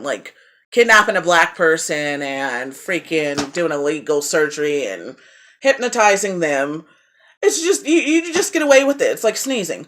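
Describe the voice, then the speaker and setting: A young adult woman telling a movie review story in a casual vlog, profane and animated. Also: on the low side, moderate pace.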